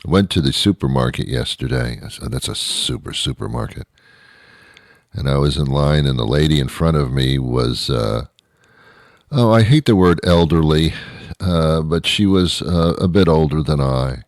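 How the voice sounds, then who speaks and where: A middle-aged man delivering a rambling comic monologue, full of restarts and deadpan asides. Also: very deep voice, moderate pace, no room sound, studio quality. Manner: meandering, self-interrupting, deadpan asides. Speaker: comedian host.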